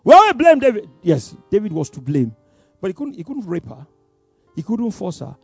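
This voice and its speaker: Male preacher in a sermon, high and very lively voice, dry close sound, faint music underneath. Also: moderate pace, vocal fry, breathy edge, dry recording. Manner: animated, swings from loud emphasis to soft asides; laughs between points.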